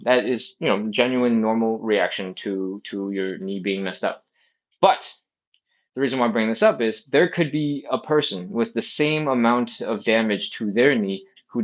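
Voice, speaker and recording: A man's voice: mid-range voice, highs cut off. A man teaching a live stretching class, explaining casually with plenty of tangents. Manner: rambling explanations with many tangents. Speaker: stretching instructor. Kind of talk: casual live-stream coaching.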